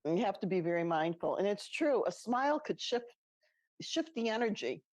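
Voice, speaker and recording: A woman's voice: mid-range voice, very animated, normal speed, a little mellow, dry recording. A middle-aged woman co-hosting a podcast, telling personal stories in a chatty way, laughing as she goes and acting out the voices she quotes. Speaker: podcast co-host. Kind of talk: casual storytelling chat.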